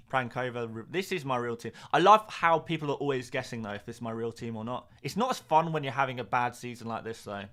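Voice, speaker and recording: A man's voice: mid-range voice, lively intonation, fairly quick, bright, forceful tone. A young man hosting a live fantasy football stream, talking casually in a rambling, sarcastic way.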